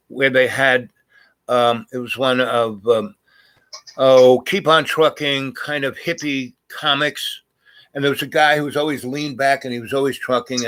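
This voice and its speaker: A man's voice: mid-range voice, fairly bright tone, poor audio. An older man telling a long anecdote in casual chat, meandering and restarting his sentences as he goes. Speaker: storyteller in a conversation.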